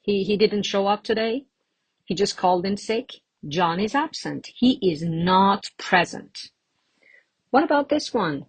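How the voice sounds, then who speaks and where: A woman teaching an English pronunciation lesson, slow and patient, explaining with examples and pauses. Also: medium pitch, lively intonation, husky, no echo.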